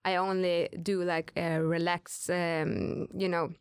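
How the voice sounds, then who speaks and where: Woman rock singer, lower voice, casual chat, fillers and restarts, dry close sound. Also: slow, clear, resonant tone, dry recording. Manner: relaxed, chatty, many fillers and restarts. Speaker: rock singer, interview guest.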